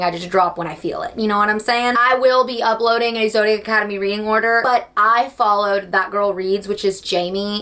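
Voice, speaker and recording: A young woman chatting to camera about books she loves, gushing and dramatic with animated outbursts. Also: mid-range voice. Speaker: book vlogger. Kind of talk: casual chat to camera.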